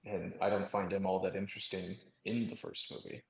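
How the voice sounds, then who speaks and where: Gravelly-voiced teasing man. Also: sits low, flat delivery, a little fast, noisy background. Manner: teasing, opinionated, swears casually. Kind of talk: casual chat. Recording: roomy lo-fi recording.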